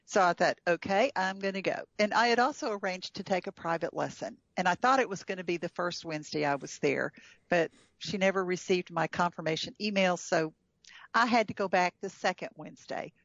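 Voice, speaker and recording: Woman guest, casual chatty storyteller, lowish voice, dry muffled call sound. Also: brisk, gravelly, a bit bright, no echo. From United States. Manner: chatty storyteller, laughs often, frequent fillers. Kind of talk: casual chat.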